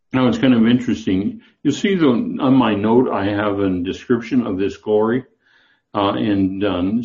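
A man's voice: fairly low pitch, darkish tone, highs cut off. A man teaching a Bible class, talking in a loose, discursive way with many fillers and restarts.

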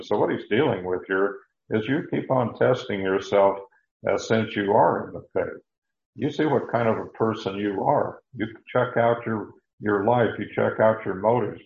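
Gravelly low-voiced man teaching a sermon. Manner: plain teaching tone, explaining Greek words, frequent restarts. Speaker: preacher. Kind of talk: verse-by-verse Bible teaching sermon. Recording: dull, lo-fi, echoey room.

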